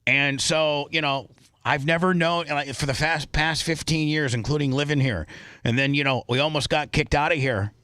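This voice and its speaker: A man's voice: fairly high pitch, steady tone, moderate pace, sharp tone, no room sound. A male radio talk show host reading out listener donations on air from his studio, emotional and rambling, with many restarts. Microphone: studio microphone.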